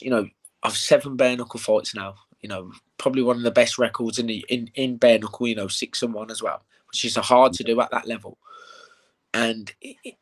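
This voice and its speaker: A young man in a casual interview, telling animated stories with plenty of swearing and "mate.". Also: mid-range voice. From England. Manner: animated storytelling, swears, says "mate" a lot. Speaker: bare-knuckle fighter, interview guest.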